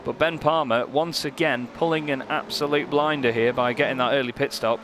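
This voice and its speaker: A young, seasoned race commentator calls a sim race in a mid-pitched voice, loud engine noise roaring behind him. He's lively and quick with a joke, and his voice lifts with excitement when the action gets close.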